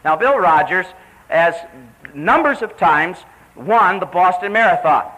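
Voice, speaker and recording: A man preaching a sermon, telling a story in an animated way and acting out the voices he quotes. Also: measured pace, poor audio. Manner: animated, acts out quoted voices with sharp pitch jumps.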